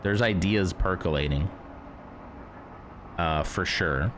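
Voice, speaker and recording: A man's voice: low voice, takes it slowly, fairly bright tone, slight background noise. A man streaming a game live, chatty and self-deprecating as he talks to his chat.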